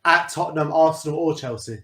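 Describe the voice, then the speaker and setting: A man's voice: on the high side, brisk. A man co-hosting a live football watch-along, chatting casually and calling the play as it happens. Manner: relaxed, commenting on the match as it happens. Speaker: fan co-host.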